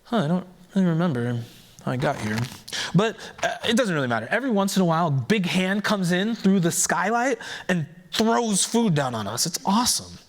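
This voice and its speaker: A dazed male rooster who rambles cheerfully and keeps forgetting what he was saying. His voice sits a little higher than an everyday man's, as a male storyteller puts him on. This is a folktale told aloud. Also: sing-song, fairly quick. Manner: rambling, cheerful, absent-minded.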